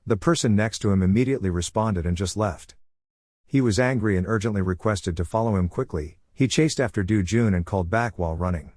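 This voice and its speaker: A man narrating a comic recap in one even reading voice. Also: fairly low pitch, normal speed, dry recording, clean studio sound.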